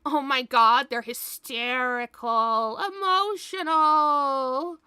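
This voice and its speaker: High-voiced, slow-talking woman streamer. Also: expressive, sharp tone, dry recording, clean studio sound. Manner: blunt, swears freely, laughs often. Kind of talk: casual live-stream chat.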